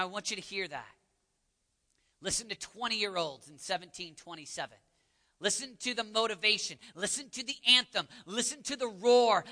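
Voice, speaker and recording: A man with a Texan accent preaching a sermon as pastor, swinging from hushed lines to shouted ones in a large church hall. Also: extremely high pitch. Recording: long hall reverb.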